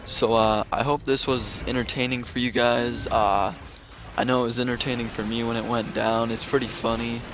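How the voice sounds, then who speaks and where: A man's voice: mid-range voice, flat delivery, normal speed, background noise. Rambling man telling a story. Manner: rambling, lots of "like" fillers and restarts. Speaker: gaming vlogger. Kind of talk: casual storytime vlog.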